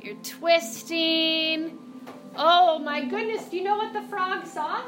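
High, playful woman teaching kids' yoga. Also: fairly even intonation, takes it slowly, a bit bright. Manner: playful, encouraging, with sing-song animal cues. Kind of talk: guiding a children's yoga class. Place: classroom or studio with music playing. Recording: echoey room, music behind.

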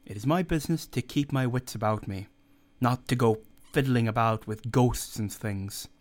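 A man voicing a calm, wry ship's surgeon who answers in a firm, matter-of-fact way. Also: medium pitch, moderate pace, lightly acted. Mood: dry.

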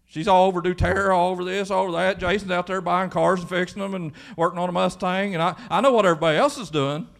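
Folksy preacher, high voice. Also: male voice, fairly even intonation, quick pace, gravelly, hardly any pauses, a bit bright. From Kentucky. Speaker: pastor. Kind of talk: sermon. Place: church.

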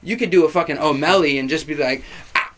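A young man, a rapper on as a podcast guest, telling a party story in casual chat, animated and profane, packed with fillers. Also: on the high side, fast, background noise.

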